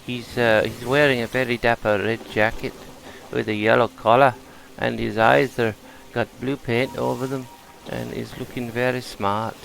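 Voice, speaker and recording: A man's voice: medium pitch, flat delivery, normal speed, creaky, hardly any pauses, a bit bright, low-quality recording. A man doing a playful pirate voice. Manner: playful put-on pirate accent. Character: a swaggering male pirate describing himself.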